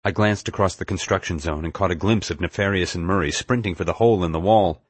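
Low husky guy narrating an audiobook, steady pace, very dry close sound. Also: quick pace, no room sound. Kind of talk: scripted first-person narration.

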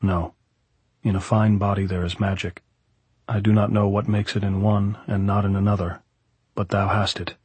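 A man with a husky voice reading the part of a calm, tender young soldier in an audiobook, in measured, old-fashioned speech. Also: on the low side, dry recording.

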